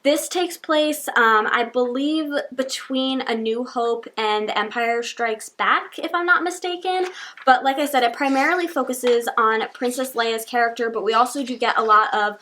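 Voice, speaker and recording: In a casual monthly reading wrap-up, a young female book reviewer rambles along, leaning heavily on "like." Her fairly high voice is bright and forceful, moving at a moderate pace.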